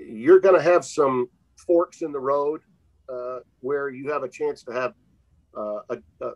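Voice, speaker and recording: A man's voice: mid-range voice, fairly bright tone. An older man from Louisiana, a sports broadcaster, telling stories from his career in a folksy, reflective way. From Louisiana, USA. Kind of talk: interview conversation. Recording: slightly dull lo-fi audio.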